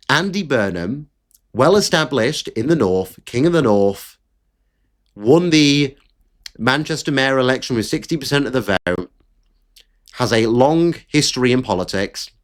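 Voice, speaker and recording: Blunt, profane man ranting. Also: on the high side. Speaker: political commentary host. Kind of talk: opinionated political commentary.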